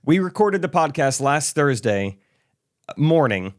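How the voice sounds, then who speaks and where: Lively, expressive man, quick to laugh. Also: fairly high pitch. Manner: laughs often, animated with quoted voices. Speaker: podcast co-host. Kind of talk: casual chat.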